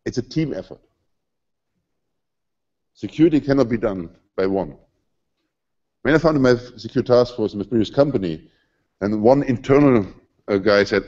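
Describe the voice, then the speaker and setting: A man's voice: medium pitch, expressive, moderate pace, long pauses, a little mellow, muffled recording. A man in his forties with a German accent giving a conversational, emphatic conference talk in a hall. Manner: conversational, emphatic, slightly non-native phrasing. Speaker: conference speaker.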